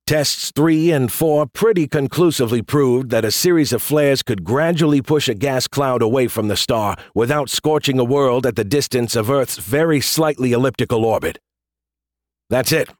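A man's voice: medium pitch, moderate pace, dry recording, studio quality. A man giving wry, exasperated first-person audiobook narration.

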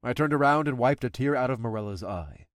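A man narrates a first-person fantasy story at a steady storytelling pace. His voice sits mid-range and is recorded close and dry, with no room sound. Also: medium pitch, brisk, dry recording.

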